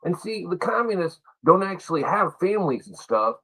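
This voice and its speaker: Stream host, man, fairly high voice, sarcastic and profane. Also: very animated, moderate pace, a bit bright, breathy edge, poor audio. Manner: angry, sarcastic, heavy swearing. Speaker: livestream host. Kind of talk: profane political rant.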